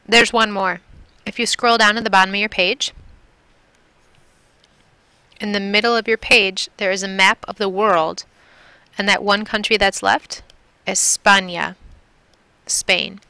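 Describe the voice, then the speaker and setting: A woman's voice: medium pitch, fairly even intonation, a little slow, pauses often, sharp tone, smooth, no echo. A woman from Milwaukee, Wisconsin, teaching a Spanish lesson, patiently repeating and drilling words. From Milwaukee, Wisconsin, USA. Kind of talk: recorded classroom lesson.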